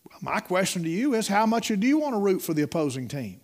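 A man's voice: high-pitched, sing-song, fast, darkish tone. A middle-aged man preaching a sermon in a folksy storytelling way, repeating words and calling listeners "my friend.".

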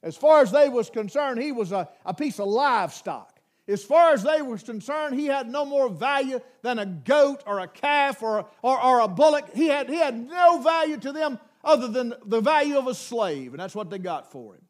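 A man preaching a sermon, retelling scripture with dramatic storytelling that swings from loud bursts to hushed lines, folksy and emphatic. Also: very high voice, animated, moderate pace.

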